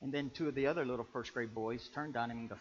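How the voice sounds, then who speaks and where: A man preaching a sermon on marriage, animated, swinging between loud exclamations and quiet storytelling. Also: mid-range voice, quick pace. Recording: muffled lo-fi recording.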